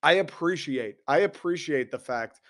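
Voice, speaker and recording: A man's voice: fairly high pitch, lively intonation, normal speed, fairly bright tone, dry recording, studio quality. A young man hosting a solo podcast, rambling casually, swearing freely and acting out little voices as he talks. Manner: rambling, profane, acts out voices. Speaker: podcast host.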